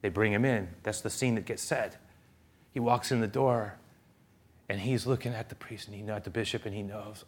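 A man preaching a sermon, retelling a story with passion; he swings from hushed talk to loud, high excitement. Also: moderate pace, a little hiss or hum. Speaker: pastor.

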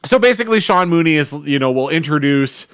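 A man's voice: a little high, expressive, quick pace, a bit bright, clear, resonant tone, no echo. A man co-hosting a podcast, chatting casually through his notes on old wrestling shows, with lots of fillers and restarts. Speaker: podcast co-host.

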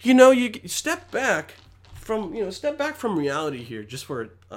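A man's voice: high voice, huge pitch swings, normal speed. A young man ranting to camera with constant swearing, rambling and mock exasperation. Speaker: vlogger. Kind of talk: profane comedic rant.

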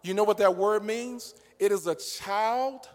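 A man with a high-pitched voice preaches a sermon. He moves between easy, conversational talk and rising, passionate shouts. The sound rings with a long church reverb. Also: measured pace. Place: church sanctuary.

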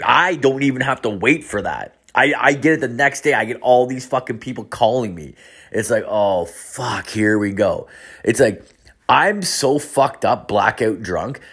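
A man's voice: medium pitch, fairly bright tone, breathy edge. A man in his thirties hosting a podcast, rambling in a casual, heavily profane, self-mocking monologue. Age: 30s. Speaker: podcast host.

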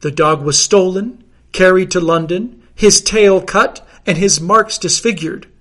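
A reader doing a pompous detective, grandiose, declamatory, high voice. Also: male voice, unhurried, a bit bright. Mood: grand. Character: pompous self-assured great detective.

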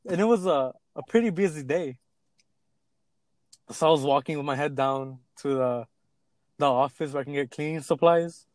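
A man's voice: on the high side, normal speed, pauses often, dry recording. A young man in casual chat, telling a work story with acted-out quotes and plenty of swearing. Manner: animated storytelling, acts out quotes, swears freely.

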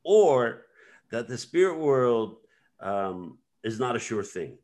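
A man's voice: mid-range voice, sing-song, slow, a little mellow. A man hosting a podcast in casual conversation, talking in a meandering way with many fillers as he retells scenes. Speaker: podcast host.

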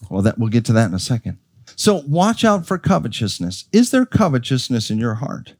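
A middle-aged man preaching a sermon, emphatic, asking the congregation questions and leaping up in pitch for stress. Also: big pitch swings, brisk, darkish tone, no room sound, clean studio sound. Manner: emphatic, with rhetorical questions and sudden pitch leaps.

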